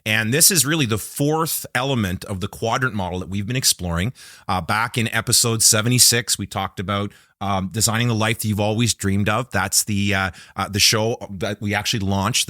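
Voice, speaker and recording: Male podcast host, lower register, thoughtful and a bit halting, dry studio sound. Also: pushed and bright, no room sound. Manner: thoughtful, many "uh" fillers. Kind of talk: casual podcast chat.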